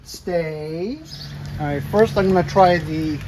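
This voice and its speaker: A man's voice: sits high, expressive, unhurried, background noise. A man vlogging in a casual, rambling way, laughing easily as he talks through his day outdoors. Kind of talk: casual chat.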